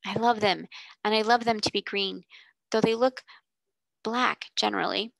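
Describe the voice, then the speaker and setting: A woman's voice: medium pitch, normal speed, creaky, a bit bright, no room sound, rough recording. A woman voicing a timid, admiring schoolgirl who asks nervous questions. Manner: hesitant, wide-eyed questions. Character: timid, adoring schoolgirl friend.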